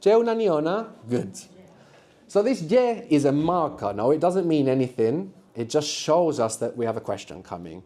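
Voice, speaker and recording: A man's voice: on the high side, sing-song, normal speed, warm tone. A man teaching a live beginners' language workshop, patiently explaining and prompting students to answer.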